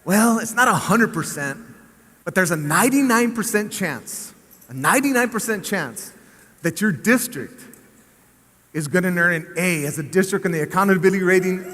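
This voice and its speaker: A man quoting a calm official on the phone. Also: high-pitched, moderate pace, in a large hall, full character voice. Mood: measured. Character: calm male state education official.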